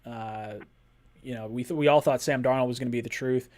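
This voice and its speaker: A man hosting a live-stream sports podcast, talking casually and playfully with his chat, with quick bursts of speech. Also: mid-range voice, fairly even intonation, darkish tone. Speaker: podcast host.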